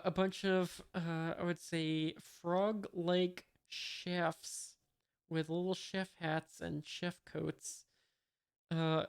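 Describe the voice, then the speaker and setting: A smooth, clear voice that reads a comic chapter slowly and flatly, barely rising or falling. The speaker stumbles through frequent fillers and drops in dry, puzzled remarks. The dialogue is read out plainly, with no character voices. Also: mid-range voice. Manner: wry, mildly puzzled asides. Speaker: manga reader and commentator.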